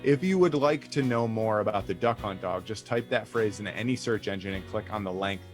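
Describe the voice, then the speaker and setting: A man hosting a comedy stream, reading stage directions aloud in a deadpan way with ad-libbed asides. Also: fairly low pitch, brisk, faint music behind. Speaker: host.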